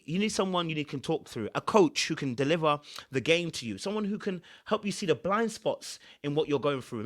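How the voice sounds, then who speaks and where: Emphatic man, fairly high voice. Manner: emphatic, preachy, animated. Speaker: relationship coach. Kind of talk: reaction commentary.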